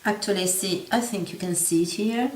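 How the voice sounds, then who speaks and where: Craft vlogger, woman, unhurried and halting with fillers; roomy echo, faint ambience. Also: medium pitch, noisy background. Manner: gentle, halting, many fillers and self-corrections. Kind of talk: show-and-tell craft video. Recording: echoey room with faint ambience.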